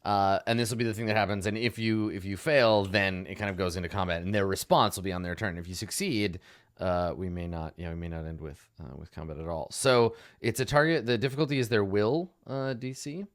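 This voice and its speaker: A man narrating as game master in a tabletop game, talking in a relaxed, halting way with many fillers. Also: lowish voice.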